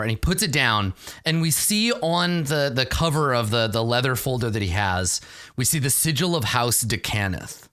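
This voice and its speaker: A man's voice: medium pitch, lively intonation, moderate pace, a bit bright. A man narrating a tabletop game as game master, describing scenes in a casual, rambling way with many fillers.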